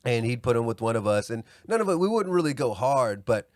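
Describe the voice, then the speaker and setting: A man co-hosting a podcast, telling a story in casual chat and acting out yelled quotes with lots of laughter. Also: mid-range voice, very animated, brisk, dry recording, clean studio sound. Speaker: podcast co-host.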